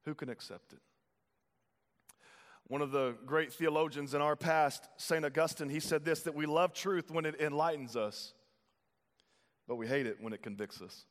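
A man's voice: a little high, moderate pace. A man preaching a sermon as pastor, conversational and playful, slipping into acted voices for emphasis. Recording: long hall reverb.

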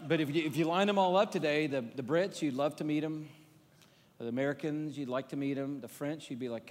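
A man's voice: on the high side, fairly quick. Man preaching with humor in a hall. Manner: conversational and humorous, acting out little scenes. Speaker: pastor. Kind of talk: sermon. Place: large church auditorium. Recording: long reverb of a large hall.

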